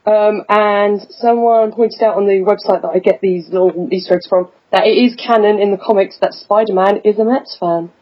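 A woman's voice: mid-range voice, steady tone, normal speed, hardly any pauses, lo-fi sound. A woman hosting a casual podcast chat, laughing often and steering the conversation to each guest. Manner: giggly, leads the quote round. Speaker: podcast host.

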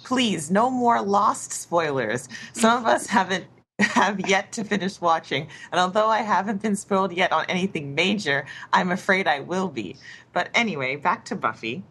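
A woman's voice: fairly low pitch, expressive, normal speed, a bit bright, breathy edge. A woman with an English accent reading a listener email aloud, with small restarts and giggles. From England.

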